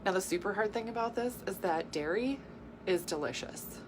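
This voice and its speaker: A woman giving a casual health talk as a coach, chatty and quick to laugh, explaining things with lists and asides. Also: medium pitch, expressive, noisy background.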